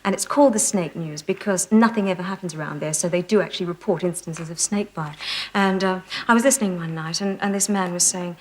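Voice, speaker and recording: A woman in her thirties with an Australian accent, a talk show guest telling comic anecdotes with lots of laughter. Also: on the low side. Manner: cheeky, laughing, quick storytelling.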